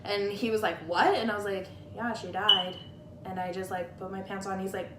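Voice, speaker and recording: A woman's voice: mid-range voice, steady tone, moderate pace, noisy background. A woman chatting candidly about a loss, rambling along and using "like" a lot, recorded on a tablet. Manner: candid, rambling, heavy use of "like". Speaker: guest friend. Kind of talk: casual chat about grief. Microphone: tablet camera. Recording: echoey room.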